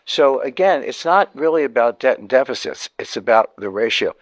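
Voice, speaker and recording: A man's voice: medium pitch, animated, moderate pace, no echo. A man, a guest in an interview, explaining economics emphatically, repeating key points and often restarting sentences.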